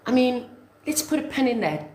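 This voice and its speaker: Woman doing a syrupy, patronizing teacher, high and sing-song, echoey room. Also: very animated, normal speed, a little mellow. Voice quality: sweet, condescending. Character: patronizing female school teacher, sugary.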